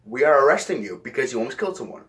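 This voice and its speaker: A man voicing a pushy, indignant male police officer who cuts in with rapid repeated refusals. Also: mid-range voice, big pitch swings, a bit bright. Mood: insistent.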